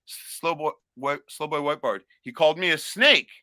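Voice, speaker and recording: A middle-aged man ranting crudely and loudly on a casual livestream, a few beers in. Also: fairly high pitch, normal speed, no echo, studio quality. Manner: profane, rowdy, loud ranting. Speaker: livestream host.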